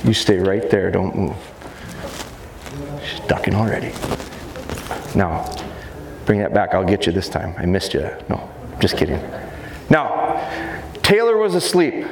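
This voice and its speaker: A man who trains dogs, giving a live seminar and talking fast and jokingly with the crowd in a large hall. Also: sits low, sing-song. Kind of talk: live seminar talk to an audience. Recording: roomy live hall sound, faint noise.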